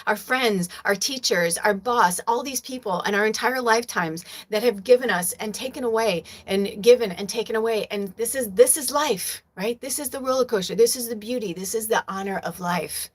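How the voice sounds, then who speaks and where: A woman from the United States hosting a psychic livestream, chatting casually and freewheeling, cursing freely. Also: a little high. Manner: animated, freewheeling, swears freely. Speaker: psychic medium and livestream host. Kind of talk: casual spiritual livestream chat.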